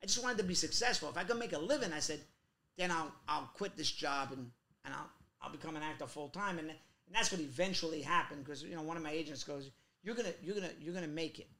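Fast-talking gravelly New man. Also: a little high. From Queens, New York. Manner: animated, acts out other people's voices in anecdotes. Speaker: guest actor. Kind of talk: casual storytelling interview.

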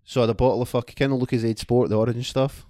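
A man's voice: mid-range voice, flat delivery, very fast, warm tone, no echo, clean studio sound. A man with a Scottish accent telling a rambling, profane anecdote in casual chat with friends.

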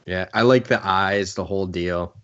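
A man's voice: sits low, normal speed, a bit bright, clear, resonant tone, muffled recording. An easygoing, upbeat man chatting during a casual movie commentary. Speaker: podcast co-host.

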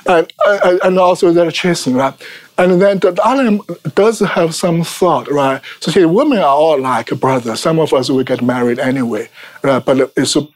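High-voiced man lecturing, "right?" constantly. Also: moderate pace. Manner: tags nearly every phrase with "right?", many fillers and restarts; laughs at his own asides. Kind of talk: informal lecture.

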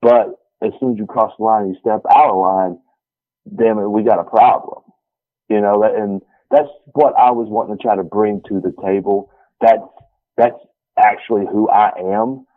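A man's voice: lowish voice, steady tone, moderate pace, no room sound. A man who wrestles, talking in a casual interview in a brash, folksy way and swearing freely. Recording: tinny phone line.

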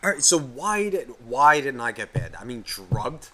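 A man co-hosting a podcast, telling a gaming story in animated, profanity-heavy casual chat. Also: medium pitch, unhurried. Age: adult, past eighteen. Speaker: podcast co-host.

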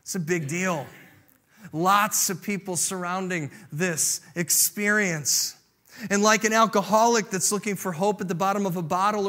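A man preaching a sermon to a congregation in a playful, animated way, drawing the audience in. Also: sits high. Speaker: pastor.

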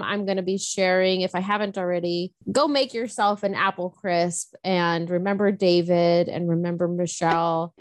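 A woman's voice: lowish voice, no echo. Woman podcast co-host, emotional and reflective. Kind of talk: casual podcast chat.

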